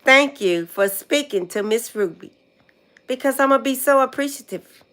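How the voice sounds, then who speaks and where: A woman's voice: high voice, expressive, normal speed, a bit bright. Older american lady chatting on her livestream, casual, keeps repeating words as she remembers them. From United States. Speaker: vlogger.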